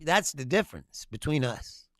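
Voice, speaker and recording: The host of a political commentary show talks bluntly, swearing a lot and laughing often. He has a fairly high, very animated voice at normal speed, and the recording is dry.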